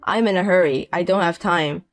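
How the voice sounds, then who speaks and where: A man's voice: high-pitched, moderate pace, a bit bright, soft background music. A man in his fifties voicing a broke, desperate ex-husband who talks in a pleading, self-pitying way, in a narrated audio drama. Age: 50s.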